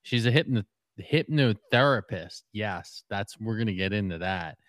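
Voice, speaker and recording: Male co-host, low and expressive, relaxed and amused, dry close sound. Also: no echo. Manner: easygoing, quick to laugh and agree. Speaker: podcast co-host. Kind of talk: casual chat, introducing a guest.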